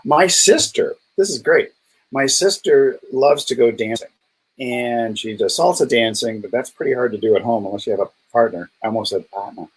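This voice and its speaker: A man's voice: animated, normal speed, breathy edge, low-quality recording. A man co-hosting a casual live health chat over a video call, playful and teasing. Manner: playful, teasing, jumps high in pitch when joking. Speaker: co-host, doctor.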